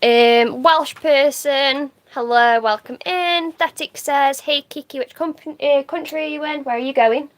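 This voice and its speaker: Woman livestreamer, high voice, chatty, swears offhand, reads viewer comments aloud. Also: unhurried, hardly any pauses. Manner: chatty, laughs easily, swears casually. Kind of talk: casual live-stream chat reading comments.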